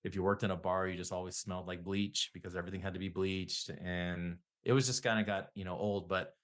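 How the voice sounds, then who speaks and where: A man's voice: low-pitched, steady tone, brisk, fairly bright tone. A middle-aged man, a psychotherapist guest, telling rambling self-deprecating stories in a casual interview.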